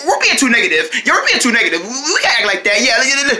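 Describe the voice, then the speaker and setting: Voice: medium pitch, sing-song, fast talker, few pauses, background noise. A performer voicing squabbling cartoon characters, pleading and trading playground taunts.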